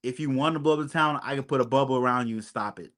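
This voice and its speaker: A man's voice: mid-range voice, racing, a bit bright. A man on a podcast casually recapping a TV episode, acting out the characters' lines as he retells them, with frequent ums. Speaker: podcast co-host.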